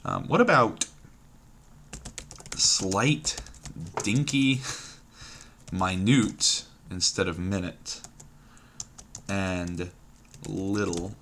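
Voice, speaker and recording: A man's voice: deep voice, drawn-out words, long pauses, fairly bright tone, slight background noise. A man thinking aloud while solving a word puzzle at his computer, musing and hesitant, trailing off and repeating words to himself. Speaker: puzzle game streamer.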